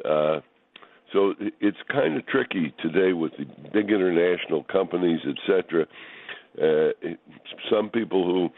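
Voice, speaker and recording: Man, very low voice, folksy and unhurried, phone-line sound. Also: no echo. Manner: folksy, unhurried, many fillers and restarts. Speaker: regular spirits and wine guest. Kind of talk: casual on-air chat.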